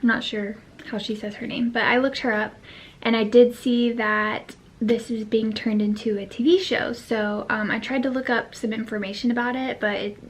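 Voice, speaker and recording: A woman's voice: on the high side, little pitch movement, normal speed, slightly rough. A tired woman chatting to camera as a book vlogger, rambling with lots of fillers and the odd whispered aside. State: tired, yawning. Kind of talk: casual chat to camera.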